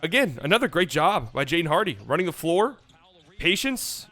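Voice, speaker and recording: A man hosting a basketball channel, breaking down game highlights with playful, joking asides. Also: very animated, moderate pace, sharp tone. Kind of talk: game film breakdown commentary.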